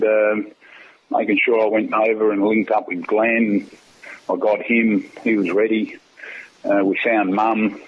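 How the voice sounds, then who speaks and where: A husky, low-voiced Australian man in middle age tells an old football story in a loose, rambling way, full of ums and restarts. The sound is dull and lo-fi, like a radio broadcast. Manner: rambling, laughs often, many fillers and restarts. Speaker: former footballer guest. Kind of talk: casual storytelling.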